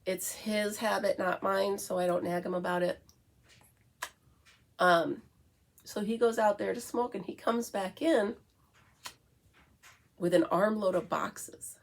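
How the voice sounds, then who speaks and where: A woman's voice: mid-range voice, steady tone, takes it slowly, vocal fry, pauses often. Middle-aged lady chatting over coffee on her vlog, rambly, babytalks her dog now and then. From United States. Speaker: vlog host. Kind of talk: casual morning coffee chat.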